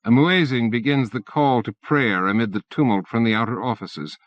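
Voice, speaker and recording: A man's voice: mid-range voice, normal speed, no echo. Man narrating an audiobook, lo-fi. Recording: dull lo-fi cassette audiobook.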